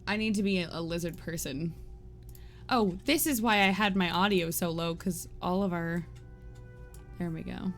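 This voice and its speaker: Casting: woman game streamer, rambling and giggly, casual, faint game music underneath. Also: lowish voice. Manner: chatty, rambling, peppered with "like"; giggly, animated storytelling. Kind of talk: casual live-stream chat.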